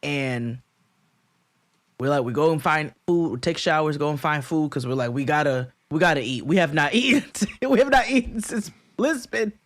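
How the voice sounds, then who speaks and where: A man co-hosting a podcast, telling a long story in casual chat, acting out quotes in high voices and laughing often. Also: normal speed, fairly bright tone, dry recording, studio quality. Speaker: podcast co-host.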